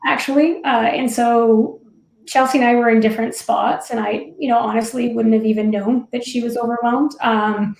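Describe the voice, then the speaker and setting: A woman's voice: a little high, fairly even intonation, moderate pace, creaky, darkish tone. A middle-aged woman, a former Olympic curler, speaking thoughtfully and candidly as a panel guest, with easy laughs. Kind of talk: reflective panel discussion. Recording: roomy echo.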